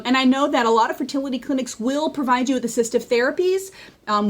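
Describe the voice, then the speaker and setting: A woman talking casually to the camera, excitable and candid, often laughing as she tells her story. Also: fairly high pitch. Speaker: vlogger sharing her personal story.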